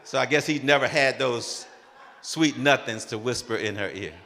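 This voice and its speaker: A man in his sixties telling a personal story at a conference, animated and acting out the dialogue. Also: medium pitch, moderate pace, creaky. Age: 60s. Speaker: conference speaker. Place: conference hall. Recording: long reverb of a large hall.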